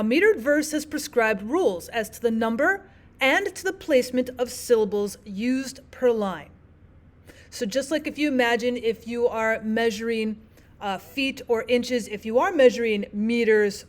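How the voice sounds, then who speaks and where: A woman teaching a recorded lesson, explaining terms step by step in a clear, methodical way and repeating the key points. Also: a little high.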